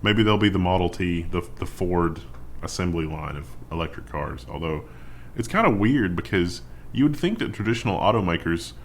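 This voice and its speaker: A man co-hosting a casual tech news chat, easygoing and quick to laugh. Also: sits low, animated, slight background noise.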